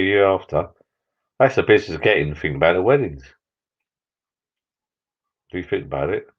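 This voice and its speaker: Older man, very deep voice, chatty live-stream host, slightly dull lo-fi sound. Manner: rambling, chatty, sentimental. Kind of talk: casual chat. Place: backyard garden bar shed.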